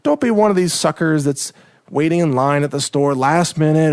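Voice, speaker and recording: A man's voice: a little high, moderate pace, dry recording. Joking, rambling man on a dry mic. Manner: rambling, joking, self-promoting. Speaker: preparedness show host. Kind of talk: casual talk with tips. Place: Texas.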